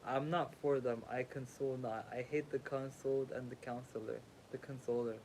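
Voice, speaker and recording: A man's voice: medium pitch, fairly even intonation, a little fast, a little mellow, slight background noise, rough recording. A sleepy man reading a sacred text aloud as a livestream host, stumbling over words, rereading them and making casual asides.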